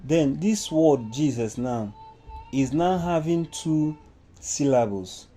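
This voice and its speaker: A man with a Nigerian English accent walks through a music lesson step by step, now and then singing solfa syllables. His voice is very dark and mellow, and he speaks slowly. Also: fairly high pitch, expressive. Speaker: music teacher. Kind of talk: informal music lesson with sung examples.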